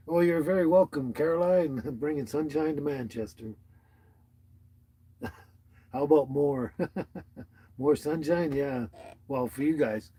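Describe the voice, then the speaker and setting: A man's voice: medium pitch, darkish tone, husky. A man hosting a casual livestream, rambling and chuckling as he greets viewers by name and talks to his dog. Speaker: livestream host.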